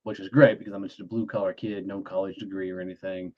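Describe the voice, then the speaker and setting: A man's voice: sits low, fast. A middle-aged man from Texas, a former Marine guest telling stories with salty language and acted-out dialogue. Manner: animated storyteller who acts out dialogue, salty language. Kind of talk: casual storytelling interview. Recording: dull lo-fi sound.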